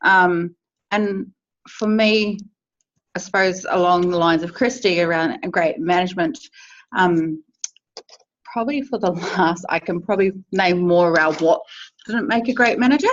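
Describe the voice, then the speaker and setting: A woman's voice: on the low side, normal speed, muffled recording. A woman with a New Zealand accent sharing her thoughts in a casual meeting check-in, hesitant with many fillers, over a video call. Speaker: team member in a check-in.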